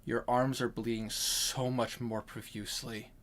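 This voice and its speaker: A man's voice: mid-range voice, level tone, measured pace. A man running a tabletop game as dungeon master over voice chat, congested with a cough, stopping and correcting himself mid-sentence.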